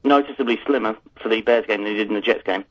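A man phones in to a sports talk show and talks fast and freely. His voice comes through a dull, lo-fi line. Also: lowish voice. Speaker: caller. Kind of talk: casual phone-in chat.

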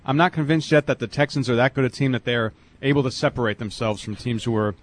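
A man on a football picks panel who jokes and makes wordplay in casual sports chat. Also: medium pitch. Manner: quick, joking, wordplay.

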